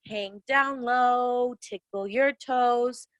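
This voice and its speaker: A young woman guides children through a yoga class outdoors in a bright, high voice. She talks slowly and cheerfully, drawing out her cues. The sound is close and dry. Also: no room sound, low-quality recording. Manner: cheerful, encouraging, sing-song cues to children. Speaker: kids yoga instructor. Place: outdoors in a yard.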